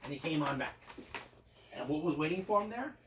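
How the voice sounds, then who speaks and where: A man's voice: on the high side, lively intonation, a little fast. A man, a father, improvising a playful, meandering bedtime story for his kids at home. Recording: roomy, distant, noisy home recording.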